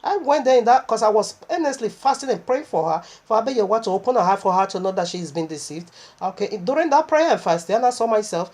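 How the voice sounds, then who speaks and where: A woman's voice: medium pitch, expressive, quick pace, darkish tone. A woman preaching a sermon, impassioned and repetitive, with stammering restarts as she recounts a vision.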